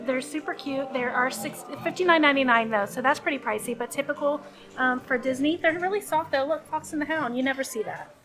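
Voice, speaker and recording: A woman vlogging casually from a shop, chatting and gushing about the clothes she finds. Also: high voice. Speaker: theme park vlogger. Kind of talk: casual shopping vlog.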